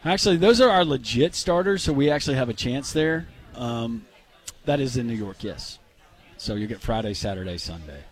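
A man's voice: medium pitch, expressive, moderate pace. A man co-hosting a sports radio show, bantering and joking in a casual way. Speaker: radio co-host.

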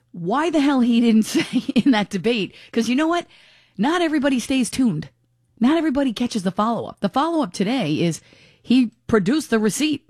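A woman hosts a talk radio show, chatting frankly and offering her opinions in a casual, unscripted way. Her slightly high, somewhat mellow voice is captured on a studio microphone with clean sound and no echo.

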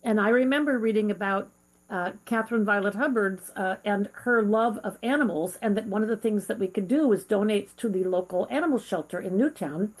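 A woman's voice: medium pitch, a little fast. A middle-aged woman hosting an interview, speaking in an earnest, heartfelt way with frequent fillers. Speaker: interview host. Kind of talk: conversational interview.

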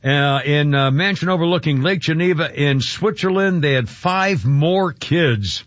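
A male radio host in casual banter, voice sitting a bit high. He laughs easily and trips over restarts. The studio sound is dry and a little dull. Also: measured pace, a bit bright, no room sound. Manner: chatty, laughs often, restarts.

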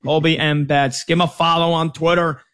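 A man hosts a sports radio show with breezy, folksy banter. His voice sits a bit high and sounds dry and close in the studio. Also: little pitch movement, brisk, fairly bright tone, dry recording. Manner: upbeat, folksy promos and banter. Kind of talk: casual sports radio hosting.

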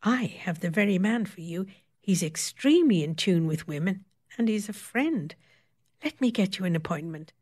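A woman's voice: mid-range voice, expressive, normal speed, a little mellow, lightly acted. A woman voicing a worldly, well-connected female client who talks in a confiding, grimly knowing way.

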